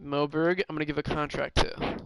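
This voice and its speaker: A man's voice: fairly high pitch, little pitch movement, brisk, a bit bright, smooth, dry recording, rough recording. A man streaming a hockey management game, thinking aloud in casual commentary with many fillers and restarts. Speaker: gaming streamer.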